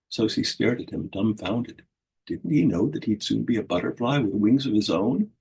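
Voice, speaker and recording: A man reads a fairy tale aloud in a low, gravelly voice. His tone is deeply husky, and he shifts expressively into the characters' voices. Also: lively intonation, moderate pace, darkish tone, rough recording. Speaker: reader at a book launch. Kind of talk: storybook reading.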